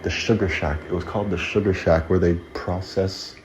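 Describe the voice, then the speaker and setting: A man's voice: deep voice, steady tone, moderate pace, a little mellow, slight background noise, poor audio. A man telling a rambling personal story in casual slang, often correcting himself mid-sentence.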